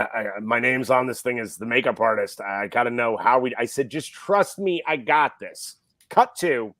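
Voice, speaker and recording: In a dry recording, a medium-pitched middle-aged man, a film director appearing on a podcast, spins a casual story. He brings it to life by animatedly impersonating the people he quotes.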